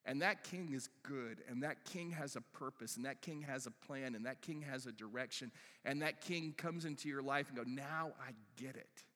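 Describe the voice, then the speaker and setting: Male pastor, heartfelt sermon delivery with a bright voice in a church sanctuary with a long echo. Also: mid-range voice. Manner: emotional, earnest preaching with quick asides. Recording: hall reverb.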